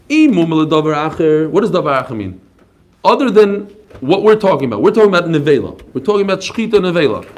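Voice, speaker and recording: A man giving a daily Talmud class, telling stories with quick asides. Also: on the high side. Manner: animated storytelling, quick asides. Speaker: Talmud teacher. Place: study hall class.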